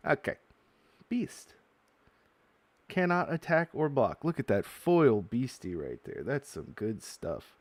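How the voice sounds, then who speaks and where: A man with an unhurried, drawn-out delivery chats his way through a box of trading card packs. He reads card text aloud and breaks into loud excitement over good pulls. The voice sits close and dry, with little room sound. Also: medium pitch, no room sound. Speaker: card-opening video host. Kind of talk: casual unboxing commentary.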